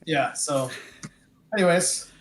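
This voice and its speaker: Male player in an echoey room. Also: a little high. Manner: halting, with fillers. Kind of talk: tabletop game play.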